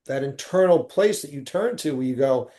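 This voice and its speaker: A man's voice: mid-range voice, expressive, moderate pace, mellow. A man from the United States, a filmmaker guest on a podcast, thinking aloud in casual conversation and building ideas through rhetorical questions.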